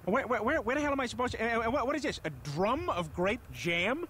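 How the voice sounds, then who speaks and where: High-pitched cartoon dad, stammery, blustery, bouncing all over, faint hiss. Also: male voice, lively intonation, quick pace, fairly bright tone. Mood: baffled. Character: bumbling excitable cartoon dad.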